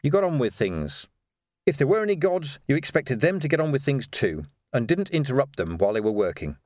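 A man reading a novel aloud as audiobook narrator, in a dry, measured storytelling manner. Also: mid-range voice, very animated, darkish tone, dry recording. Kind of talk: scripted narration.

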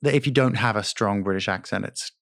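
A man with an Australian accent talks easily and casually. His voice sits a bit low. The sound is close and dry. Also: fairly quick, fairly bright tone, no room sound. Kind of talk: casual chat.

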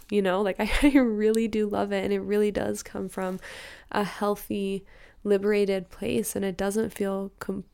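Casual earnest young woman guest, acts out little prayers, smooth voice w some vocal fry. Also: medium pitch, a little mellow. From Salt Lake City, Utah. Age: young adult. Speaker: podcast guest. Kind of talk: casual spiritual interview talk.

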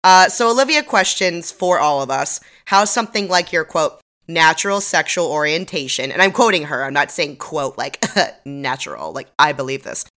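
A woman's voice: low-pitched, animated, normal speed, hardly any pauses, fairly bright tone. A young woman co-hosting a podcast, recapping an episode in casual chat, laughing often and joking at her own expense. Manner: chatty, laughs often, self-deprecating. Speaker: podcast co-host.

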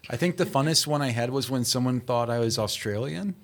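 A man from Wisconsin telling a story in a relaxed, easygoing way. His voice sits in an ordinary middle range. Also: medium pitch, brisk. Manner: easygoing anecdotal. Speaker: podcast guest. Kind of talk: casual storytelling.

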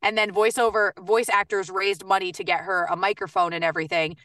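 A woman voice actor and coach talking in a casual podcast interview, chatty and upbeat with quick bursts and lots of fillers. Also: medium pitch, level tone, sharp tone, dry recording, recorded from a distance.

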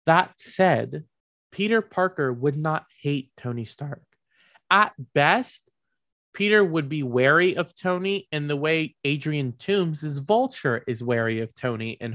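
A man's voice: a little high, fairly bright tone, dry recording, studio quality. A man giving ranting commentary, heated and profane, rambling with many fillers and restarts.

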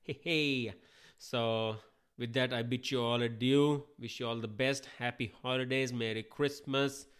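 A man's voice: mid-range voice, steady tone, normal speed, smooth. A man from India, hosting a podcast while sick and under the weather, in a rambling, self-deprecating monologue that swears casually. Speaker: podcast host.

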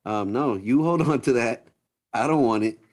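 A man's voice: mid-range voice, normal speed. Chill guy on a podcast, cusses a lot, easygoing. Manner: laid-back, swearing freely. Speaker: podcast co-host. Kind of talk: casual chat.

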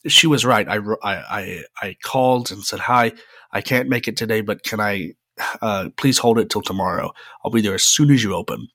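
A young man tells a personal story in a loose, rambling way, dotting it with "uh" and "um". His voice sits a little low, and the recording is close and dry with no room sound. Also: moderate pace, a bit bright, no echo. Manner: chatty, rambling, frequent "uh" fillers. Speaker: podcast host. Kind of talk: casual solo storytelling.

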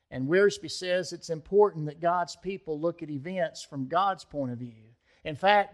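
A middle-aged man preaches an expository sermon, working through a Bible passage verse by verse. His voice sits a little high for a man. He reads the scripture aloud and lifts it with rising emphasis. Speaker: pastor.

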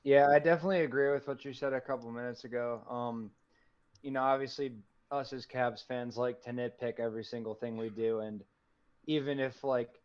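A man's voice: medium pitch, fairly even intonation, a little fast, darkish tone. A man co-hosting a podcast in casual sports chat, rambling with many fillers like "you know". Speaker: podcast co-host. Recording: dull lo-fi recording.

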